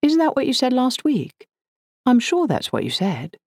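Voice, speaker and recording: A woman voicing a brisk middle-aged woman lawyer with a put-on aristocratic English accent, talking in a clipped, distracted way. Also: high voice, huge pitch swings, darkish tone, dry recording, studio quality, voice pushed up, exaggerated voice. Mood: quizzing.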